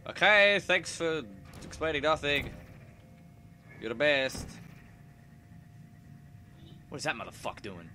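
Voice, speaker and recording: A young man giving casual, swear-heavy commentary while playing a video game, excitable and prone to sudden loud yelps. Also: mid-range voice, a little slow, long pauses, slight background noise. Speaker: let's play gamer.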